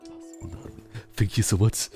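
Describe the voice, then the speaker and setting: A man with a Southern German accent and a rolled R, a native German speaker chatting casually while streaming a game, talking slowly with long pauses. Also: music in the background. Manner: slow, rumbly speech with long pauses. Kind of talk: casual chat while gaming.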